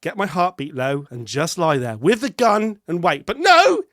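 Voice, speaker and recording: A man with a high voice talks film on a podcast, animated and quick to laugh. He is recorded close and dry, with no room sound. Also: dry recording. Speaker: podcast co-host. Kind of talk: casual film review chat.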